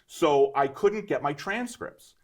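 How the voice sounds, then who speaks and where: Male guest, 50s, animated storyteller with conversational asides. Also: on the high side, slow pace. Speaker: guest entrepreneur.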